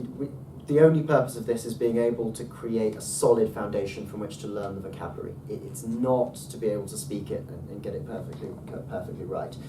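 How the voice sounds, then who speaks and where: A patient man explaining pronunciation step by step, often pausing with um and starting his sentences over. He sits some way back from the microphone in a roomy space, with a faint hiss under his voice. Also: medium pitch, a little mellow. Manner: patient, hesitant, many ums and restarts. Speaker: Ancient Greek tutor. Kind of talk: relaxed one-to-one teaching. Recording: roomy, far from mic, faint noise.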